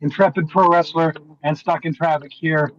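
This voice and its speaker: A man's voice: fairly high pitch, fairly even intonation, moderate pace, a bit bright. A man leaving a voicemail from his car, introducing himself grandly as a caller to the show. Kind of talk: voicemail message. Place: car in traffic. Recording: dull phone voicemail.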